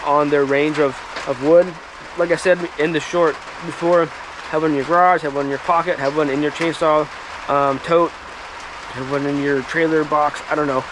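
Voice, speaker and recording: A man hosting a firewood channel, talking casually to camera outdoors in halting speech full of ums and restarts. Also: fairly high pitch. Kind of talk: casual vlog talk to camera. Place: outdoors by a woodpile, rain and traffic nearby. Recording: light rain and road noise behind.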